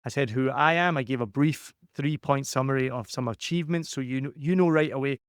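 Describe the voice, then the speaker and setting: A man's smooth, resonant voice at a middle pitch, talking in an energetic, conversational way as he coaches a podcaster. He acts out little quotes as he explains. The sound is dry and close, with no room around it. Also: brisk, dry recording.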